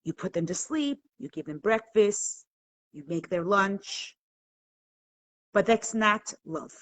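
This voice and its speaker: A woman's voice: mid-range voice, lively intonation, takes it slowly, fairly bright tone, low-quality recording. A woman teaching a live online class, earnestly asking questions and inviting viewers to answer. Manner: earnest, questioning, engages the audience. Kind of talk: live-streamed talk to viewers.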